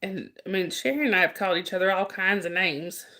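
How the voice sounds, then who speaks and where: A woman's voice: mid-range voice, brisk, pushed and bright. A woman hosting a casual live stream, greeting viewers and teasing them with frequent laughter.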